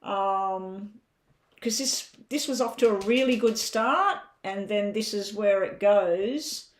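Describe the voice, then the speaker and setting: Australian woman, mid-pitched, casual live tarot reader talking through her cards. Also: takes it slowly. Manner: chatty, thinks aloud over the cards. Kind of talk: live-stream tarot reading.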